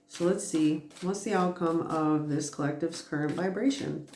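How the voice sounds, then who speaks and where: A tired woman giving a casual, reassuring spiritual tarot reading, chatty and quick to laugh. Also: deep voice, a little mellow, slight background noise. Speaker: tarot reader. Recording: roomy echo.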